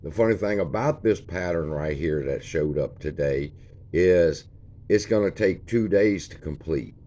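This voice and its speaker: For his stock channel, a man casually walks viewers through a chart on a shared screen, pointing out its features in a folksy way. His voice is low, warm, and a little slow.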